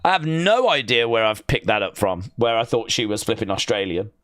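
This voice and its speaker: A man's voice: fairly low pitch, animated, brisk, fairly bright tone, no room sound, studio quality. Chatty Englishman reading viewer comments. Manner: rambling, reads viewer comments aloud and reacts. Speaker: live-stream host. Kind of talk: casual watch-along chat.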